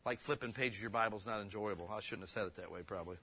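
A man preaching a casual, joking sermon, slowing down to read old scripture verses and breaking into loud emphatic bursts. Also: on the low side, breathy edge. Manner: reads King James verses slowly. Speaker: pastor.

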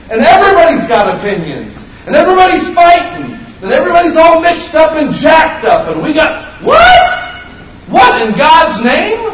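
Folksy fifty-something preacher in an echoey room. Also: male voice, very high-pitched, far from the mic, slight background noise. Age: 50s. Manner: folksy, animated preaching with sudden shouted bursts. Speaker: pastor. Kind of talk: sermon.

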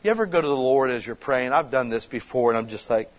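A man's voice: mid-range voice, animated, quick pace, few pauses, poor audio. A man preaching a casual, conversational sermon that builds to passionate emphasis as a church pastor. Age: adult with children.

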